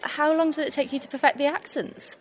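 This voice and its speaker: A woman's voice: high voice, fairly even intonation, a little fast. A woman interviewer asking friendly questions and laughing along with her guests. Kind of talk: casual interview.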